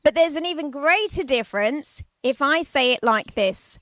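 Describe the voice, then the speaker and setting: A parenting coach with a high-sitting, fairly bright voice gives advice in an informal talk to camera, holding a handheld microphone outdoors. She speaks expressively at a moderate pace with hardly any pauses, emphatic and conversational, demonstrating tones with her voice. There's no room sound.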